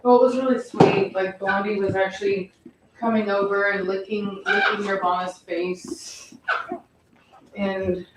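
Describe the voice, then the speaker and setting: A woman's voice: mid-range voice, flat delivery, a little slow. Woman breeder, casual and soothing, far from the mic, echoey and noisy room. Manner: soothing, coos to a dog in labor. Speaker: dog breeder filming a whelping. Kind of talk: casual vlog.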